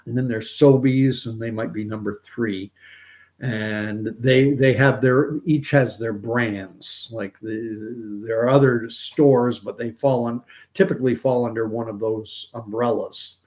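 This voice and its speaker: Speaking with a medium pitch in a steady, slightly mellow tone, this man keeps a measured pace. He's from Canada and hosts a casual commentary livestream, rambling conversationally and responding to viewers.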